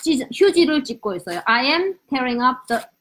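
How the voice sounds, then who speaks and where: A woman teaching Korean on a live lesson, animated, switching between Korean and English, with uneven English grammar. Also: high-pitched, very fast. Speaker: Korean language teacher, host. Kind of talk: live-stream language lesson.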